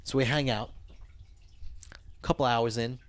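A man telling a profane, animated story in casual chat. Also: mid-range voice, a little slow, no room sound.

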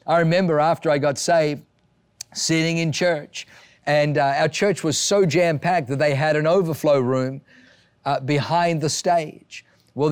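A male pastor giving a sermon with animated storytelling, acting out the voices of people in his stories. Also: a little high, smooth, dry recording.

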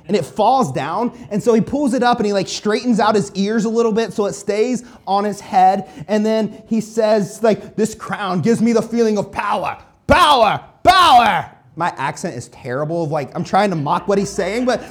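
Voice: mid-range voice, moderate pace, few pauses, darkish tone. A pastor preaching a sermon in a conversational, self-deprecating way, often repeating phrases.

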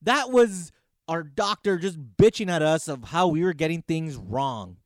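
Male podcast host, casual banter, crude humor, slightly high voice, dry. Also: lively intonation, unhurried, no echo. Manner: joking, crude.

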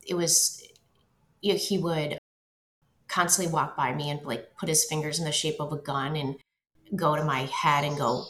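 A woman recounting her own story as an interview guest, halting and repeating phrases as she goes. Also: sits low, fairly even intonation, fairly bright tone. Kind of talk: personal testimony. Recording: roomy echo.

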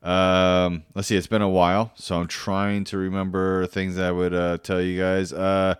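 Laid-back rambling male podcaster, low voice. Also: monotone, moderate pace, smooth, no echo, clean studio sound. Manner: rambling, many fillers and restarts. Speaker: podcast host. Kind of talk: casual storytelling monologue.

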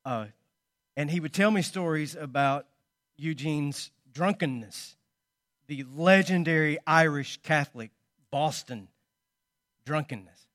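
A man preaching a sermon, telling stories and swinging between loud emphasis and quiet asides. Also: a little high, measured pace, pauses often, no echo, studio quality. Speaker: pastor.

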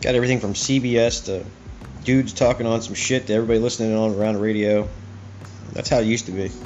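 A man's voice: on the low side, fairly even intonation, fast talker, a little mellow. A man hosting his own talk show, ranting in a heated, profane, rambling way. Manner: profane, heated and rambling, with many "you know what I mean"s. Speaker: host. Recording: dull lo-fi recording with faint music.

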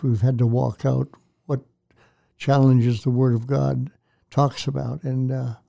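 An older man hosting a Christian talk show, speaking in a measured, preacherly way to his audience. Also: medium pitch, creaky, dark tone, dry recording, studio quality. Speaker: host, pastor.

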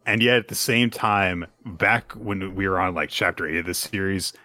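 A man's voice: deep voice, normal speed. A man co-hosting a podcast, casually recapping a manga chapter and acting out the characters' lines. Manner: animated retelling with acted-out quotes. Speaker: podcast co-host.

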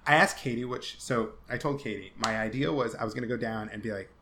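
A man co-hosting a casual podcast chat, spinning a story with lots of energy and acting out other people's lines. His voice is bright and forward, at a middle pitch for a man. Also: quick pace, slight background noise. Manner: animated storyteller who acts out quotes and laughs often. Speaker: podcast co-host.

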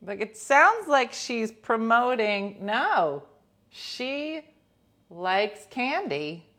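Animated woman chatting jokily. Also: a little high, drawn-out words. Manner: jokey, animated, mock award-show announcing, trailing into quiet asides. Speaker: host. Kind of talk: casual chat, reading viewer comments.

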